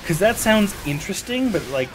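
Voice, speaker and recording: A man's voice: high-pitched, sing-song, a little fast, music in the background. An American man casually rambling to viewers while streaming a video game, often correcting himself mid-sentence. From United States.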